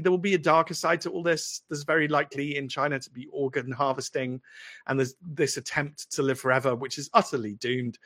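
A man's voice: fairly high pitch, sharp tone. A man in his forties with a posh English accent, a lawyer answering viewer questions in casual, rambling livestream commentary full of restarts and asides. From United Kingdom.

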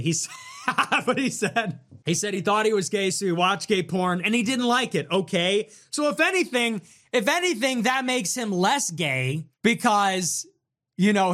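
A man hosts a casual livestream into a desk mic, his voice pitched high for a man and swinging widely up and down. His tone is bright and forceful, full of sarcastic, provocative jabs as he reacts to chat. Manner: animated, sarcastic, provocative, jokey. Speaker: livestream host reading donations.

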